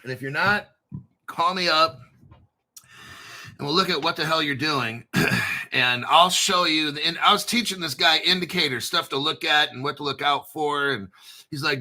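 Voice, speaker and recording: A man's voice: fairly high pitch, normal speed, sharp tone. A man hosting a crypto channel, rambling casually with profanity, jokes and self-mockery. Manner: profane, joking, self-mocking and digressive.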